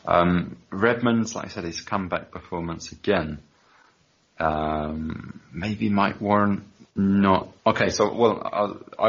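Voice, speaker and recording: An English man co-hosting a football podcast, excitable, swearing and laughing in casual chat. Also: sits low, breathy edge. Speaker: podcast co-host. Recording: dull lo-fi audio.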